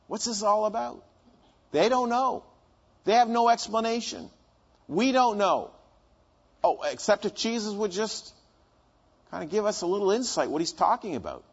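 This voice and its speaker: A man's voice: high-pitched, slightly rough, highs cut off. A man preaching a conversational sermon, asking his congregation questions and answering them himself.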